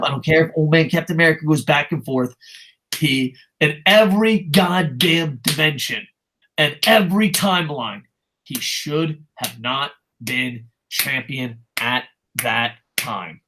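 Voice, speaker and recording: A man's voice: fairly high pitch, fairly bright tone, slight background noise. A man hosting a casual wrestling talk show, ranting with constant swearing and reading out viewer comments. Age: adult with a child. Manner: profane passionate ranting. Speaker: podcast host.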